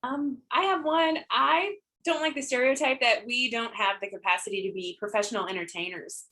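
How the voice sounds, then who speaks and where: A woman who sings professionally, chatting on a video call. Her voice is bright and forceful, and she talks in an upbeat, emphatic way. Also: a little high, a little fast, rough recording. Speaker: professional singer. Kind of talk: casual group video call.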